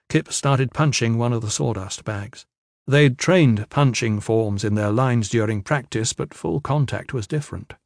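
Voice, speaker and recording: A man reading a novel aloud as a narrator, measured and steady, shifting his pace with the action. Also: mid-range voice, creaky, no room sound, clean studio sound. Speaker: audiobook narrator. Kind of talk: scripted narration.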